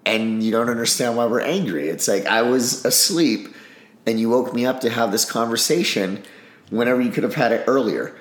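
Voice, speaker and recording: In a casual podcast interview, a former army special operations soldier speaks frankly and bluntly, cursing and performing bits of dialogue. His pitch is medium, his pace moderate, and the room sounds echoey.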